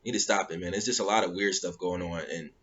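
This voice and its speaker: A man in a heated, rambling rant, circling back to the same points and checking in with the listener again and again. His voice is bright and forward, and the recording is dull and lo-fi. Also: low-pitched, fairly even intonation, fast, husky. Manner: heated and repetitive, often asking "you know what I'm saying". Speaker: battle rap commentator. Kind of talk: casual ranting commentary.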